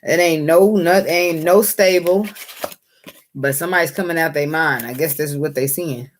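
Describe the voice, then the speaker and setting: A woman giving a casual tarot reading, blunt, excitable and swearing freely. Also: low voice, moderate pace, a little hiss or hum. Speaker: tarot reader.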